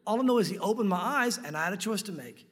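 High-voiced husky male preacher. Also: animated. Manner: earnest, emphatic preaching, slowing down to read scripture. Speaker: pastor. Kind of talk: sermon. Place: church sanctuary. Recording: long reverb of a large hall.

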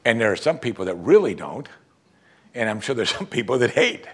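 A man preaching a sermon, animated and conversational, acting out quoted voices and jokes for the congregation. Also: mid-range voice, a little fast, slightly rough. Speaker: pastor.

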